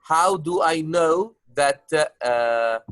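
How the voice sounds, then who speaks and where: A male teacher running an online class, his voice sitting a little high and sounding dry and close. He circles each question several times, fills gaps with uhs, and addresses his students fondly as love. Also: slow, clear, resonant tone, no echo. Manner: repeats and rephrases questions, many filler uhs; warm, calls students love. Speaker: English teacher.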